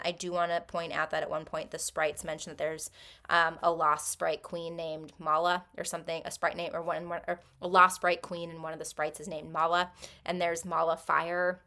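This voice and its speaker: A woman's voice: deep voice, level tone, normal speed, sharp tone. A woman casually recapping a book plot in a chatty way, with many ums and likes. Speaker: book vlogger.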